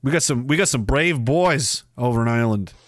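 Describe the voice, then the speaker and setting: A man's voice: mid-range voice, animated, a little fast, dry recording, clean studio sound. A man hosting a livestream, reacting to clips with profane, mocking commentary. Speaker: livestream host.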